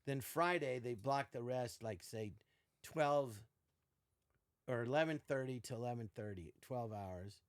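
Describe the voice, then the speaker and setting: Older man telling animated show stories. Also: mid-range voice, measured pace, no room sound, studio quality. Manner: animated, acts out quotes in varied voices. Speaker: podcast guest. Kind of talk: casual storytelling chat.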